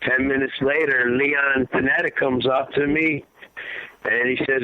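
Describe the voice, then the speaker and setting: A man, a grieving father, telling his story in an impassioned, rambling way, his voice sinking low and heavy at the hardest parts. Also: measured pace, no echo. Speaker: guest, father of a fallen soldier. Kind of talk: emotional storytelling interview. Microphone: phone call. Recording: tinny phone line, dry.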